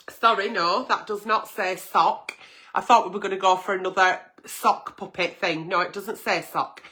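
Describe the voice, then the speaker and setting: A woman's voice: medium pitch, moderate pace, pushed and bright. Blunt, sweary woman. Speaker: host reading viewer letters. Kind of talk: late-night agony-aunt livestream.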